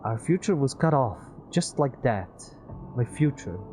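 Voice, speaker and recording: A man's voice: medium pitch, animated, measured pace, darkish tone, slight background noise, voice pushed up, natural voice, poor audio. A man reading a game aloud, voicing a weary male former engineering teacher who has lost his home and future. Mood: despairing. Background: music.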